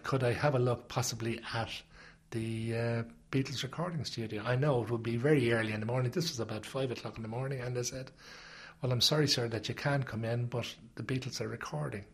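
A man with a Dublin accent, an interviewee telling a rambling anecdote in a casual way. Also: mid-range voice. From Ireland. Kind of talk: casual storytelling.

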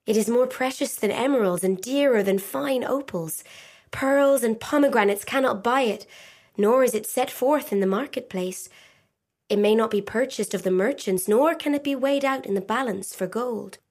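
A woman's voice: fairly high pitch, normal speed, darkish tone. A woman voicing a small female nightingale, tender and longing, with a lilting, yearning delivery, over faint music in a storybook reading. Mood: rapturous.

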